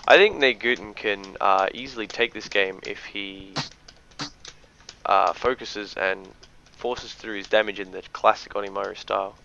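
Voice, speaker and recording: A man's voice: lowish voice, fairly even intonation, moderate pace, gravelly. An Australian man doing chatty, jokey live-stream commentary on a game match. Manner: chatty, jokey, gives shoutouts. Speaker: esports commentator. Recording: dull lo-fi stream audio, faint noise.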